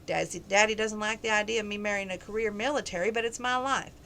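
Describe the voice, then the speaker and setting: Plain-spoken young woman friend, teasing, bright tone, read by a woman narrator. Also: medium pitch, fast talker, slight background noise, poor audio. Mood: frank.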